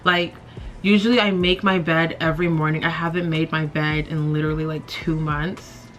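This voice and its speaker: A young woman in her twenties talks openly as she does her makeup, rambling and circling back on herself with plenty of fillers. Her voice sits a little low, picked up on a camera mic in her bedroom with a faint hum of room ambience behind her. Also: little pitch movement, normal speed, fairly bright tone. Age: 20s. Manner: candid and rambling, many fillers. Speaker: beauty vlogger. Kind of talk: casual chat while doing makeup.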